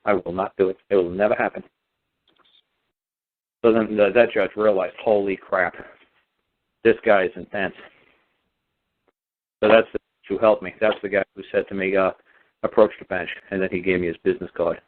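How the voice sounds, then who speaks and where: A man's voice: low voice, flat delivery, normal speed, long pauses. Emphatic man on a tinny line. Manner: emphatic, repetitive, defiant. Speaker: radio show guest. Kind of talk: impassioned radio talk.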